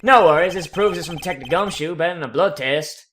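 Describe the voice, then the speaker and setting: A man's voice: fairly high pitch, fast, natural voice. Man hamming up a whooping drawling cowboy cop. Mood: sly. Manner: loud, hammy drawl. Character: folksy cowboy male patrolman, swaggering. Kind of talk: let's play voice acting.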